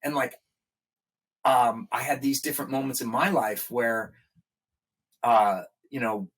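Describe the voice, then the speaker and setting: Middle-aged guy on a podcast, husky voice, normal pitch, chatty, plays out the people in his stories. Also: unhurried. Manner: animated, acts out quoted people in a raised voice. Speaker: guest musician. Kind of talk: casual storytelling in a podcast interview.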